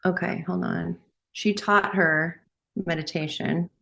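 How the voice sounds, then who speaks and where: A woman's voice: fairly low pitch, fairly even intonation, slow pace, vocal fry, bright, forceful tone. A woman working as a medium on a podcast, hesitantly passing along what she says she is being told. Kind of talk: conversational relaying of messages.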